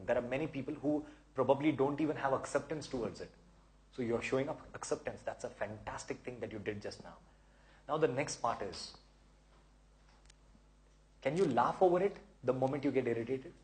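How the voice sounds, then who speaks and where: A man answers viewer questions in an easygoing advice chat. He speaks in an encouraging way and explains things at length, often repeating words as he goes. His voice sits at a middling pitch. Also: darkish tone. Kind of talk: casual advice talk.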